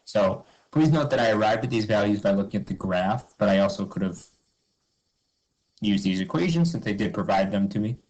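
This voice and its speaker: Brisk and animated, a man with a lowish, slightly mellow voice reviews math in an upbeat, informal style, explaining step by step, answering his own questions and using "okay" and "cool" often. The recording's high frequencies are cut off.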